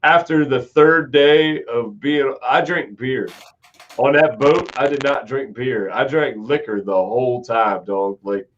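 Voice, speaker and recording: A man's voice: mid-range voice, a little slow, a little hiss or hum. A man hosting a live stream, telling a long, profane party story in casual chat. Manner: profane, rambling anecdote-telling. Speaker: host. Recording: dull lo-fi stream audio.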